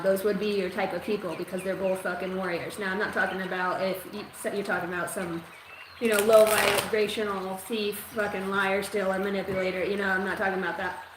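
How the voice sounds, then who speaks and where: A woman giving a live-streamed psychic reading, talking in a rambling, profane, streetwise way. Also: medium pitch. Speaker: psychic reader. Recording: echoey room with steady noise.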